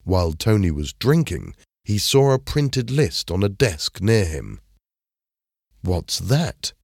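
A man reading a simple story aloud in clear, measured narration. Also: fairly low pitch, very animated, darkish tone, dry recording, clean studio sound. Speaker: storybook reader. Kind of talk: scripted narration of a graded reader.

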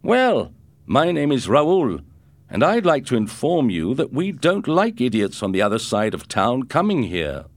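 A man voicing a tough, sarcastic teenage boy who leads a school gang, shouting and mocking. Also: mid-range voice, wildly swooping pitch, measured pace, no room sound, voice pushed up. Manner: loud, mocking, raised voice.

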